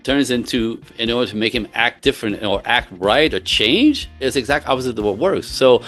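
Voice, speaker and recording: A man's voice: mid-range voice, animated, moderate pace, few pauses, fairly bright tone, faint music behind. A man speaking as a relationship coach in casual podcast talk, earnest and emphatic, often laughing between points.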